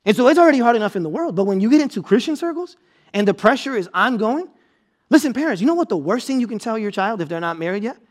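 A middle-aged man preaching a sermon as pastor, telling stories in an animated way with bursts of laughter. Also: sits high, fast talker.

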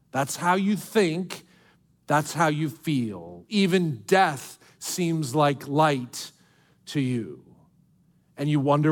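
Man, pastor preaching, high voice, impassioned, hushed then emphatic. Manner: impassioned, swinging from soft to emphatic. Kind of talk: sermon.

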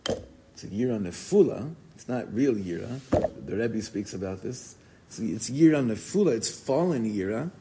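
Gravelly man teaching a Torah class. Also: mid-range voice, normal speed, slight background noise, poor audio. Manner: animated storytelling, code-switching with Hebrew and Yiddish terms. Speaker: rabbi giving a Torah class.

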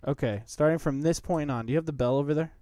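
A man's voice: on the high side, fast talker, mellow, no echo, clean studio sound. A man co-hosting and producing a casual podcast, joking and teasing through a drinking game. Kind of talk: casual chat.

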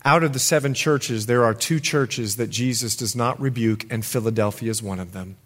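A man's voice: mid-range voice, normal speed, a bit bright. A male pastor preaching a sermon emphatically and teaching from scripture.

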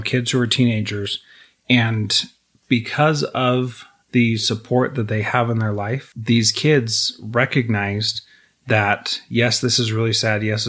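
Earnest low-voiced male interviewer. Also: a bit bright. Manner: earnest, reflective, with small restarts. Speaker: podcast host interviewing a guest. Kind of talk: conversational interview.

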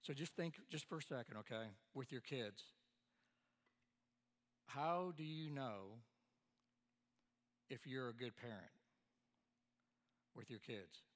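A man's voice: mid-range voice, moderate pace. A man, preaching a sermon to parents in a folksy way and repeating his key phrases for emphasis. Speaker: pastor. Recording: long hall reverb.

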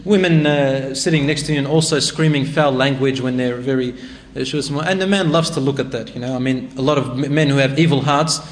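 A man's voice: medium pitch, fairly quick, a little hiss or hum. A man giving a sermon and answering a question in a conversational way that rises to emphatic exhortation. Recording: echoey hall with faint ambience.

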